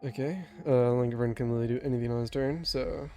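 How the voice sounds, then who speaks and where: A young man running a tabletop game as game master, talking in a loose, relaxed way with lots of fillers and restarts. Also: medium pitch, fast, soft background music. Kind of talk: casual tabletop game narration.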